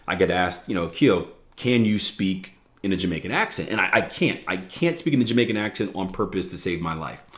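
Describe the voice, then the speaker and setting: A man hosting his own trading podcast, talking casually and often tossing in "right?" as he explains. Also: lowish voice. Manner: conversational, frequent "right?" asides. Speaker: podcast host, trading coach. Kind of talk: casual solo podcast talk. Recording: echoey room.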